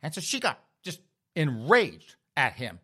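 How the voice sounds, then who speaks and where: A male comic storyteller talks to his listeners as folks, sardonic and mocking. His tone is bright and forward, and his pitch swoops up and down with lively emphasis. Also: a little slow, slightly rough. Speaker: comedic storyteller. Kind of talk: comedic storytelling.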